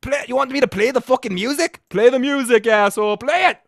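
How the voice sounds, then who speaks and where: A man putting on a gruff Scottish ship engineer. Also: extremely high pitch, a little fast, fairly bright tone, dry recording, clean studio sound, voice pushed up, heavily acted. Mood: rowdy. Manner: gruff, swearing. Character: gruff male ship engineer, crude and rowdy.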